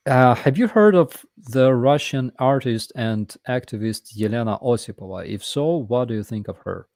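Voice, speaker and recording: A man's voice: mid-range voice, animated, moderate pace, darkish tone, no echo. A man from Ukraine with a Ukrainian accent, hosting a live Q&A chat in an emphatic, conversational way. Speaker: host.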